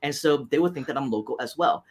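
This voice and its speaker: A man's voice: medium pitch, fast. A man with an American accent hosting an interview, talking through motivational points and tagging many lines with "right?". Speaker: host.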